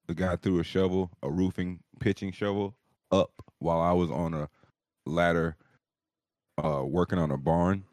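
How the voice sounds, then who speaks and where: Guy with a real deep voice cussing through a story, dry mic. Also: moderate pace, no room sound. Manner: profane, animated storyteller. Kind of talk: casual storytelling on a live show.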